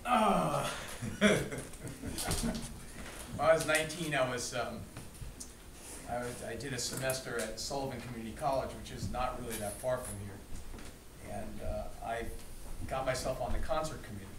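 Animated man telling a story in an echoey room. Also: mid-range voice, moderate pace, long pauses, background noise. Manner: animated, laughing, acts out quotes. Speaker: storyteller recounting a memory. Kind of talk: casual anecdote to a group. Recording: echoey room, distant mic, crowd behind.

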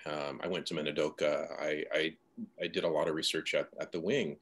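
A man with a low, deep voice talks about his writing in a relaxed, reflective way. He is the guest in an interview, soft-spoken and personal. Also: a little fast. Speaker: novelist guest.

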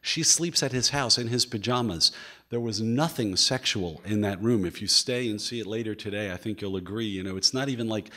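Animated man giving a museum lecture. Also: on the low side, brisk. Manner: animated and enthusiastic, with many repeats and fillers.

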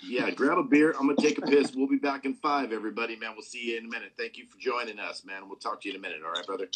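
Over crowd noise and poor audio, this male podcast host races through loose, casual conversation in a mid-range voice. He rambles, curses a lot, and keeps saying "man" and "dude."

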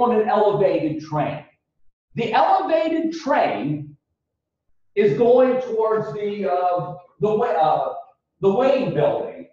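A man giving a classroom lecture on ethics, animated and raising his voice when he acts out quotes. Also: high voice. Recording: distant lo-fi recording in a very echoey classroom.

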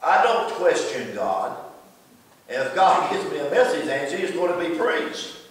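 A man's voice: on the high side, big pitch swings, unhurried. A man preaching a sermon, emphatic and calling out listeners by name. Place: church. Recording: echoey hall from far off.

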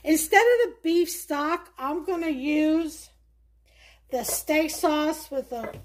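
A woman with a New York accent hosting a casual cooking demonstration in her home kitchen, chatting and thinking aloud with many fillers. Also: sits high. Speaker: home cook host.

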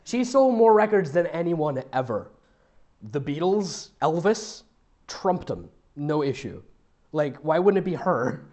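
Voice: medium pitch, very animated, unhurried, a little mellow, dull audio. A comedic fanfic reader whose voice swings up and down as they mock the story. They keep laughing and break off for sarcastic side comments. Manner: sarcastic asides, frequent laughter. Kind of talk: mocking comedic fanfic reading.

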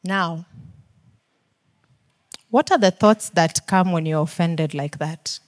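Speaking slowly and pausing at length, a woman with a low voice and a Kenyan accent gives a sermon. Her earnest pleading comes through rapid questions and shifts from hushed near-whispers to strong emphasis.

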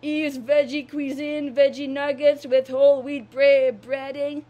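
High-voiced excitable young woman vlogger. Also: a little slow, highs cut off. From Canada. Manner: repetitive, excitable, gushing. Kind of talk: casual vlog monologue.

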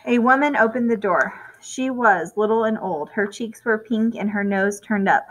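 A woman reading a children's chapter book aloud at a clear, even storytelling pace. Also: mid-range voice, moderate pace, hardly any pauses, rough recording. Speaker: storybook reader.

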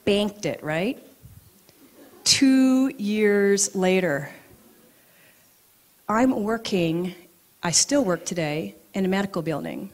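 Animated storytelling woman, middle-aged. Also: mid-range voice, slow pace, long pauses. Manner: animated, acts out both sides of conversations. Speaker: acupuncturist telling stories. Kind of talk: live storytelling talk. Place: event venue, audience present.

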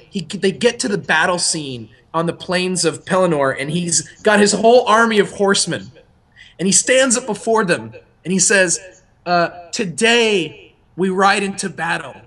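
A young man co-hosting a podcast, talking casually in a rambling, animated way that often breaks off and restarts. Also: high-pitched, normal speed. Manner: rambling, self-interrupting, animated. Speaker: podcast co-host.

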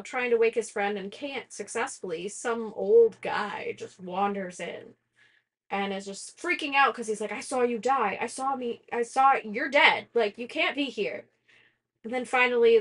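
A young woman hosting a book discussion, retelling a fantasy plot in a casual, chatty way full of "like" fillers and self-aware laughter. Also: fairly high pitch. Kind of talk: casual plot summary chat.

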